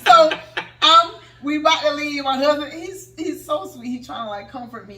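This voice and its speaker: A woman in her thirties co-hosting a podcast, telling a story in casual chat, animated and swearing freely. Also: high voice, moderate pace. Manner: animated, swearing, acts out quotes. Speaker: podcast co-host. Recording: echoey room, distant mic, faint noise.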